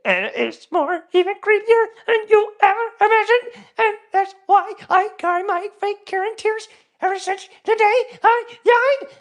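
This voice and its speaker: Mock-weepy widow voice, shrill falsetto, put on by a male streamer. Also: lively intonation, a little slow, full character voice. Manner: shrill whiny fake crying. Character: mocking falsetto impression of a widowed woman activist.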